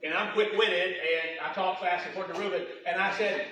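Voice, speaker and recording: A middle-aged man preaching a sermon, telling folksy stories with lots of repetition and quick humor. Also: sits high, steady tone, bright, forceful tone, a little hiss or hum. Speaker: pastor. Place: church sanctuary. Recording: roomy church hall, voice from a distance.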